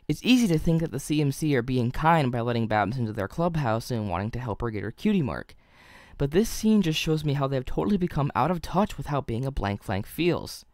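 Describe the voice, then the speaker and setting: A man's voice: mid-range voice, lively intonation, fairly quick, darkish tone, dry recording. A young man reads a scripted video review in a middle-range voice, analytical and dotted with wry asides. The recording is dry and close, with no room sound.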